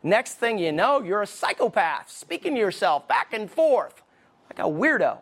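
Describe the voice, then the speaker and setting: A male pastor giving a conversational sermon, repeating key questions slowly and joking at his own expense. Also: high-pitched, big pitch swings, fairly bright tone.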